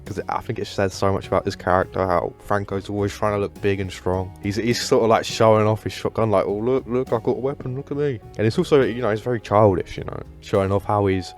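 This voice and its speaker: A man's voice: lowish voice, level tone, fast talker, few pauses, faint music behind. A man hosting a casual commentary video, enthusiastic and rambling, with lots of fillers. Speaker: gaming video host.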